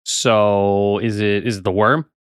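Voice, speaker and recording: A man's voice: fairly low pitch, fairly even intonation, takes it slowly, clean tone, no echo, clean studio sound. A man in casual chat, thinking aloud and hesitantly guessing an answer. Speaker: listener.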